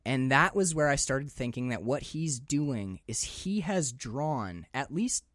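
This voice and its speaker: Animated man in casual film talk. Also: medium pitch, unhurried, no echo, studio quality. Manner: animated, swears freely, acts out characters' lines. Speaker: podcast co-host. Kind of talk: casual movie discussion.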